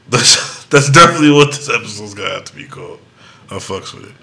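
A man's voice: on the low side, fairly quick, gravelly, reverberant. A man hosting a podcast, telling rowdy stories in casual chat, acting out quotes and laughing often. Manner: loud animated storytelling, acts out quotes, laughs often. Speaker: podcast host.

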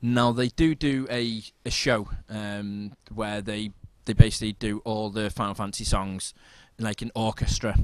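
A man co-hosting a podcast in casual chat, excitably telling stories and acting out quoted exchanges. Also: on the low side, moderate pace, hardly any pauses, smooth, dry recording. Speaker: podcast co-host.

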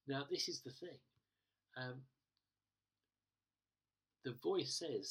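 A male pastor delivers a conversational sermon with a slightly husky, breathy voice. He often restarts and hesitates. The mic is some way off, so he sounds distant in the church. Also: mid-range voice, slow pace, long pauses, a bit bright.

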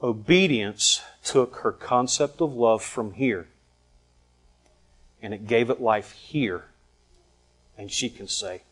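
A man in his thirties delivering a sermon in a mid-range voice. He pushes some lines out loud and drops others to near a murmur. He slips into quick acted-out bits of dialogue to make his point. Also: mid-range voice. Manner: swings between loud emphatic lines and quiet earnest ones; acts out quoted voices with mock dialogue. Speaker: preacher.

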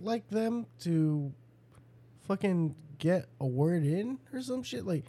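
Man, co-host sidekick, high and husky, teasing quips. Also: lively intonation, slow, warm tone. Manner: joking interjections, mocking. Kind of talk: casual chat.

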